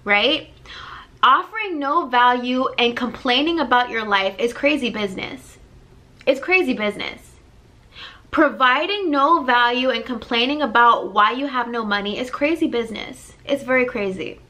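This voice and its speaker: A woman's voice: a little high, moderate pace, bright, forceful tone. A woman life coach hosting her own channel, giving a blunt tough-love talk with lots of energy and repetition. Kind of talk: direct-to-camera motivational vlog.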